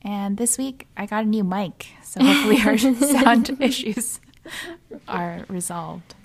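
A woman's voice: mid-range voice, unhurried. A young woman co-hosting a casual podcast chat, teasing and laughing often. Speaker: podcast co-host.

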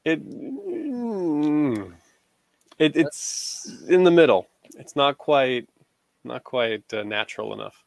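A man's voice: mid-range voice, lively intonation, measured pace, vocal fry, dry recording. A man in his thirties, a father, chatting casually as a podcast co-host and rambling through stories with many fillers. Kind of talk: casual chat.

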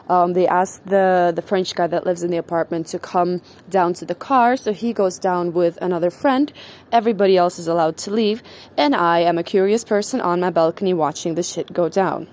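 Her voice on the low side and darkish in tone, a woman relates a spoken anecdote casually, leaning heavily on "um" and "like" and swearing as she pleases.

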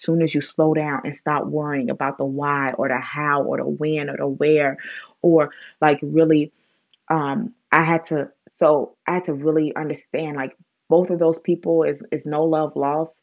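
A woman speaking in a casual spiritual vlog, rambling with many fillers and restarts, and getting animated as she retells a story. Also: low-pitched, moderate pace, no echo, narrow, tinny audio.

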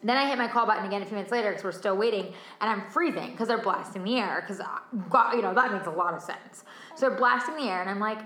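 A woman's voice: medium pitch, fast talker, reverberant. Exasperated young woman telling a story. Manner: animated, exasperated storytelling, acting out the other people's lines. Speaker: storyteller in a casual chat. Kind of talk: casual chat.

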